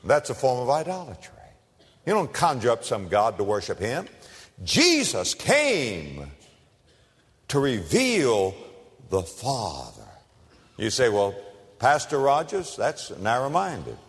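A man pastor preaches slowly and deliberately, leaning on dramatic pauses. His pitch swings widely as he drives his points home with humor. His voice trails off in a long reverb through the church sanctuary. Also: huge pitch swings, fairly bright tone. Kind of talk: sermon.

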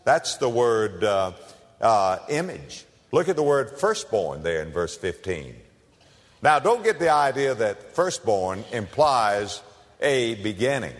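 Slow, emphatic preaching man with hall reverb. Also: medium pitch. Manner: emphatic preaching with dramatic pauses and humorous illustrations. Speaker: pastor. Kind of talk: sermon.

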